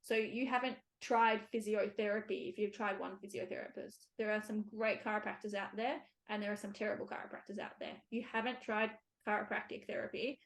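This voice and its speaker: A woman hosting a casual podcast conversation, chatty, with many fillers and easy laughs. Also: mid-range voice. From Australia. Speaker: physiotherapist podcast host.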